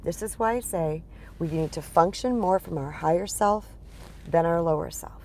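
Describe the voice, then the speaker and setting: A woman's voice: on the low side, moderate pace, darkish tone, a little hiss or hum. A middle-aged woman speaking as a spiritual empowerment coach, talking casually and emphatically to viewers from inside her car, often calling them you guys. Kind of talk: casual monologue to camera.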